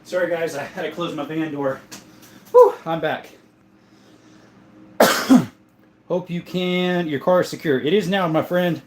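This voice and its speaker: A man's voice: fairly high pitch, a little fast, hardly any pauses. A man casually hosting a livestream, chatting and greeting viewers by name as he reads the chat. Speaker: livestream host reading chat. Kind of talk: casual live-chat talk.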